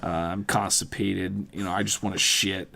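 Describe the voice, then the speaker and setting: A man's voice: sits low, little pitch movement, moderate pace, vocal fry, pushed and bright. A man, a podcast guest, telling a rambling, profane story in casual chat, often correcting himself as he goes. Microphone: studio mic.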